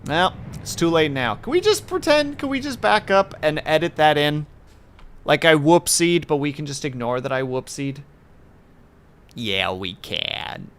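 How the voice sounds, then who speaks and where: A man's voice: fairly high pitch, expressive, moderate pace, a bit bright, clear, resonant tone. A man casually chatting with viewers while streaming a game, playful and jokey. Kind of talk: casual gaming stream chat.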